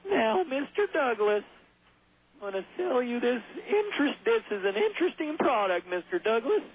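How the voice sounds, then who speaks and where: A man voicing a pushy, fast-talking male huckster salesman in a high, wheedling, nasal pitch, heard over a tinny phone-like radio broadcast. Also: very animated.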